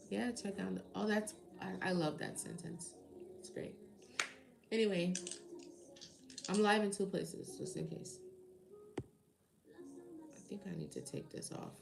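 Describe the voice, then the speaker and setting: Woman tarot reader on a live stream, tired, rambling and chatty, gravelly, lively pitch. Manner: rambling, chatty, talks straight to viewers. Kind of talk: casual live-stream chat.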